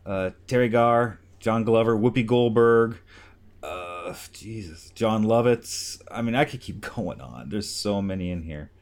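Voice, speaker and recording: A man's voice: on the low side, animated, unhurried. Offhand man reading through a list. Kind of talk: casual chat.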